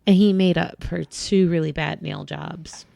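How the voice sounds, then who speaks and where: A woman's voice: on the low side, steady tone, measured pace, vocal fry, dark tone, no echo. A woman co-hosting a podcast in casual chat, laid-back and slangy in her talk. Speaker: podcast co-host.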